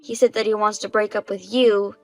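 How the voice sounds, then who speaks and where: A young bride-to-be voiced by a woman talks in a smug, untroubled way. Nothing seems to shame her. Soft music plays behind. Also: medium pitch, flat delivery, a little fast, close to an everyday voice, poor audio. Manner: smug, unbothered.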